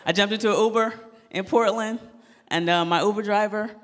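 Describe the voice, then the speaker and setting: A woman comedian performing a stand-up set, animated and laughing at her own jokes, on a club stage mic. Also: mid-range voice, brisk, big-room sound.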